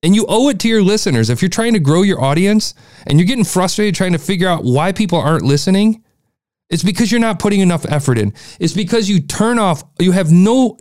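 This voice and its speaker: A man's voice: high-pitched, darkish tone, no echo, studio quality. Blunt ranting male podcast host. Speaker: podcast host reviewing listener shows. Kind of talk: blunt critique.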